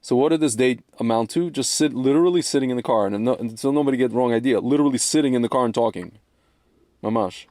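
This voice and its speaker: A man in his thirties rambles through a casual chat, laughing and slipping into quoted voices. His voice sits in a middle pitch and sounds dry and close, with no room around it. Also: fast, a little mellow, no room sound. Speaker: podcast co-host.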